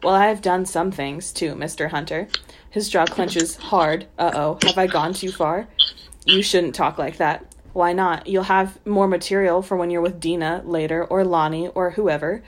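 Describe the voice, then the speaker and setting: A woman's voice: on the low side, fairly even intonation, moderate pace, noisy background. A woman co-hosting a podcast, reading a trashy novel aloud with sarcastic, giggly asides. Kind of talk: mocking dramatic reading with commentary.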